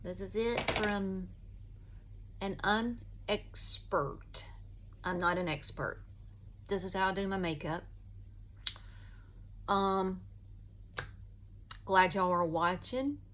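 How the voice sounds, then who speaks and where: A woman's voice: mid-range voice, takes it slowly, long pauses, a bit bright, a little hiss or hum. A woman, chatting casually in a folksy, rambling way while doing her makeup at home. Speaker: vlogger.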